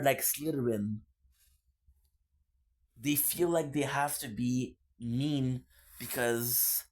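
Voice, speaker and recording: A man's voice: mid-range voice, takes it slowly, darkish tone. Streamer, male, playful and teasing in casual chat, repeats lines for laughs. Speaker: live streamer reading chat.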